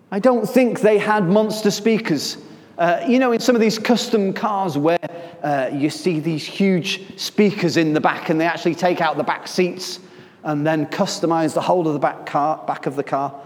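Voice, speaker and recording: A man preaching a sermon, moving between quiet, hushed phrases and sudden loud emphasis. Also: a little high, moderate pace. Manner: dramatic shifts between soft and loud delivery. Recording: long reverb of a hall.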